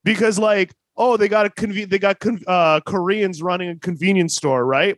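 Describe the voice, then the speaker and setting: A man's voice: sits high, fairly even intonation, normal speed, hardly any pauses, dry recording. A man who is a guest on a podcast, ranting bluntly in casual chat.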